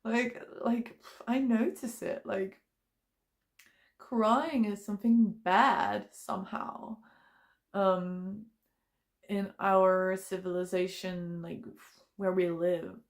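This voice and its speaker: A woman's voice: medium pitch, fairly even intonation, takes it slowly. A young woman vlogging to camera in casual personal talk, chatty and emotionally open, with many fillers.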